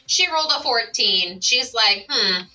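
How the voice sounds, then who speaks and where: A woman playing a tabletop game, giggly and blunt, sometimes shouting. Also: on the high side, expressive, unhurried, far from the mic, faint music behind, low-quality recording. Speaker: player.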